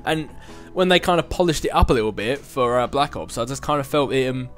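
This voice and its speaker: A man's voice: medium pitch, animated, brisk, a bit bright, faint music behind. A young man in his twenties hosting a casual vlog and answering viewer questions in a rambling, chatty way, with self-mocking asides. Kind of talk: casual chat.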